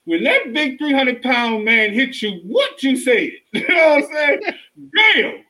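A man's voice: very high-pitched, expressive, a little slow, sharp tone, poor audio. A man co-hosting a casual sports talk show, playful and giggling often. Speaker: podcast co-host.

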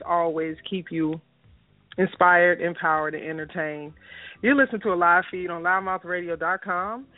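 A man reading a slow, measured opening announcement for a live internet radio show. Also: high voice, no echo. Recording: phone-line quality, dry.

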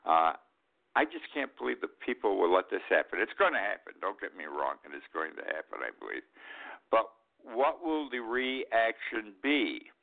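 A man's voice: on the low side, very animated, moderate pace, vocal fry. An older man hosting a talk show, giving an indignant, emphatic political commentary and repeating his points. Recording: tinny phone-like line.

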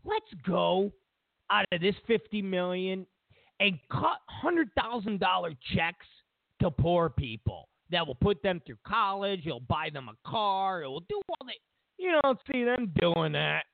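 A man's voice: high-pitched, very animated, a little slow, vocal fry, dry recording. A man hosting political commentary, ranting with sarcastic, mocking jabs. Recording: tinny phone-like line, dry.

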